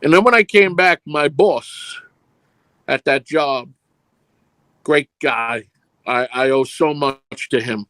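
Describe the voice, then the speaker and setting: A middle-aged film producer tells long, wandering anecdotes in a casual interview, performing the dialogue within them. His voice is fairly high and a bit bright, and he speaks slowly with long pauses. There is no echo.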